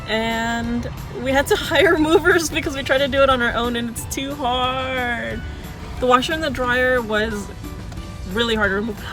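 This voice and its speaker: A woman vlogger telling a storytime vlog in a chatty way, full of fillers. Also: a little high. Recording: echoey room, distant mic, faint music.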